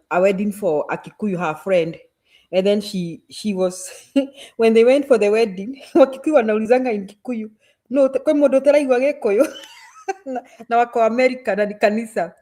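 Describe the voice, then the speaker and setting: A woman with a Kenyan accent telling a story in casual chat, animated, switching between Swahili and English. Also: mid-range voice, brisk.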